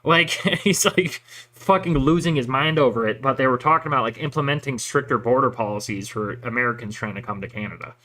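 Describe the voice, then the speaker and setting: Rambling through casual stories, a man with a bright, mid-range voice talks fairly quickly, swears freely and laughs at his own jokes. It's loose, unscripted chat, like a veteran catching up with a friend.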